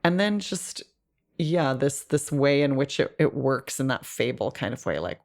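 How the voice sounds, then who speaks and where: A woman's voice: extremely low pitch, animated, normal speed, vocal fry, darkish tone. A woman guest on a podcast, talking through a film in an articulate, analytical way with frequent restarts. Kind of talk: casual film discussion.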